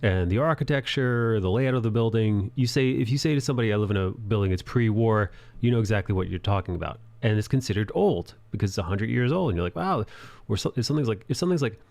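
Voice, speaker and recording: Gravelly-voiced man chatting on a stream. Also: medium pitch, animated, fast, few pauses, darkish tone. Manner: chatty and loose, laughing, reading out viewer support. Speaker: streamer hosting a live drawing stream. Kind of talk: casual live-stream chat. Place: apartment in an old city building.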